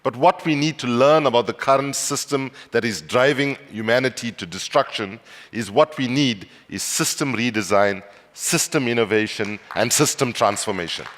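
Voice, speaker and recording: A man's voice: mid-range voice, moderate pace, fairly bright tone, a faint crowd. A man from South Africa giving a conference speech, telling anecdotes with wry humor and building to emphatic passion. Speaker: speaker. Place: large conference hall. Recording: long hall reverb.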